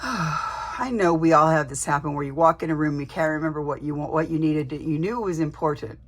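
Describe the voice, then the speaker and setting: A woman's voice: sits low, a little fast, a little hiss or hum. A woman chatting casually to camera, showing off a journal she received in a swap, with lots of fillers and restarts. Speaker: junk journal vlogger. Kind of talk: casual show-and-tell chat.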